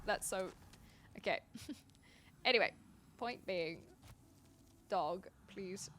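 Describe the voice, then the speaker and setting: A woman's voice: medium pitch, animated, slow pace, long pauses, fairly bright tone, slight background noise. A woman streamer chatting playfully through her gameplay, talking to her dog and her viewers. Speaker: game streamer. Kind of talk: live-stream gameplay commentary.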